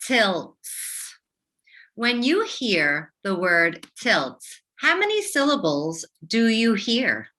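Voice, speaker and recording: A woman teacher leading a young children's phonics lesson, speaking slowly and enunciating each sound clearly. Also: a little high, big pitch swings, sharp tone. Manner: slow, clearly enunciated, sing-song teacher voice.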